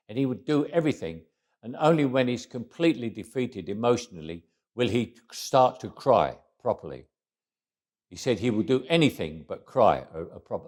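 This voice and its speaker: Older man telling stories, low-pitched. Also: a little mellow. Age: 80s. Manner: reflective, repeats words as he restarts. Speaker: interview guest. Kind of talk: anecdotal interview storytelling.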